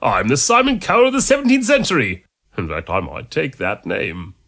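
Man doing a boastful greedy monk, gleeful, loud, lively, amateur audiobook reading. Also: mid-range voice, normal speed, pitched above the performer's own voice, full character voice. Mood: gloating.

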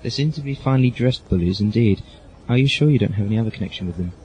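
A man's voice: on the low side, rapid-fire, a little mellow, slight background noise, natural voice, low-quality recording. A man playing an eccentric, polite time-traveling doctor who talks in a chatty, fussy, genteel way. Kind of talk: amateur audio drama.

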